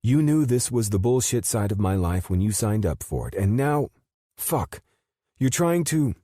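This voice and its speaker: A man's voice: on the low side, very animated, normal speed, warm tone, dry recording, studio quality, voice pushed up. A man voicing a snappish, exasperated young mother. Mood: frustrated. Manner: snappish and frustrated.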